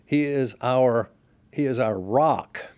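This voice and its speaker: A man, a pastor, talking as a podcast guest in a relaxed, reflective way, sharing stories unhurriedly and often restarting his sentences. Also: medium pitch, slow, clear, resonant tone, no room sound. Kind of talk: relaxed conversational storytelling.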